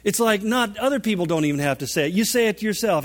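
A man preaching a sermon, animated and emphatic, with dramatic shifts in volume. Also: high voice, fast talker. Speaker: pastor. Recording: long reverb of a large hall.

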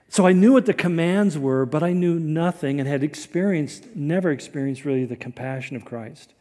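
A man's voice: fairly high pitch, darkish tone, long reverb tail. A man giving a conversational sermon in a folksy, wry way, chuckling at his own asides. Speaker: preacher.

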